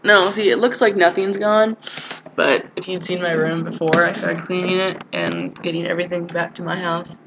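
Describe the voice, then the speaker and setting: A woman's voice: lowish voice, flat delivery, normal speed, noisy background. A young woman from the United States, chatting casually in a rambling, giggly video diary to a friend. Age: young adult. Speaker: vlogger.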